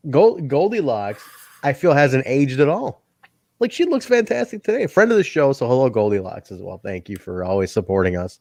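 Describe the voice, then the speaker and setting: A man's voice: mid-range voice, fairly quick, no echo. A man co-hosting a wrestling podcast, talking casually and animatedly, laughing often and acting out what people said. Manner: animated, laughing, acts out quotes. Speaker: podcast co-host.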